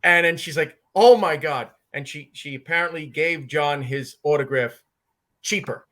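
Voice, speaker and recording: A man co-hosting a podcast, telling an anecdote lively and acting out the quotes. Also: on the high side, normal speed. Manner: lively storyteller, acts out quotes. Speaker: podcast co-host.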